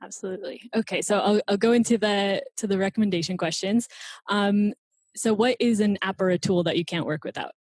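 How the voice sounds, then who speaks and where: A woman's voice: medium pitch, a little fast, a little mellow, dry recording. A woman hosting an interview, agreeing readily and casually and sometimes searching for words with fillers. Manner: friendly, agreeing, hesitant with fillers. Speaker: interview host.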